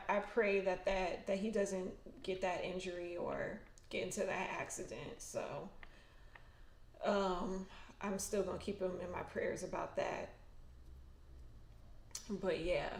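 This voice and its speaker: Speaking in a mid-range, slightly mellow voice, a tarot reader hosts a casual fan livestream from an echoey room. Her chatter is emotional and colloquial, with frequent restarts.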